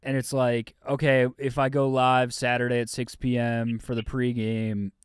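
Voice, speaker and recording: A man's voice: medium pitch, monotone, normal speed, smooth, no room sound. Man hosting a call-in show, crude jokes, dry close sound. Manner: joking, crude, teasing callers. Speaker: podcast host. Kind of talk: late-night call-in talk.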